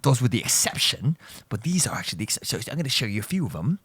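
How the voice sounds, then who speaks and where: A man's voice: medium pitch, sing-song, very fast, a bit bright, breathy edge, dry recording. A man giving a casual, joking language lesson, teasing his students and repeating points as he goes. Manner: playful, teasing, repeats and self-corrects. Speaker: Japanese language teacher.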